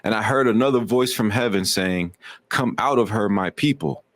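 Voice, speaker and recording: Man, class member reading scripture, measured delivery, lowish voice, dry close sound. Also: a bit bright, no room sound.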